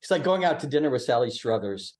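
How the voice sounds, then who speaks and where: An older man from the American South, a guest in a podcast interview, telling animated showbiz stories and laughing often. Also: medium pitch, quick pace. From Southern US (Mississippi, born in Louisiana). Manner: laughs often, excitable, lively anecdotes. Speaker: guest, actor.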